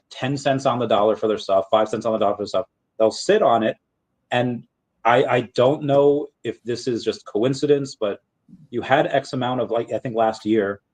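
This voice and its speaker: A man co-hosting a casual podcast, ranting in a fired-up way with quick asides. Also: mid-range voice, a little mellow. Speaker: podcast co-host.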